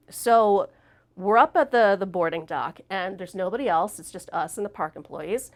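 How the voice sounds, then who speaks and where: Animated woman telling a wild story. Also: lowish voice, normal speed. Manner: animated, acts out quoted voices. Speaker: host. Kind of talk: storytelling talk-show monologue.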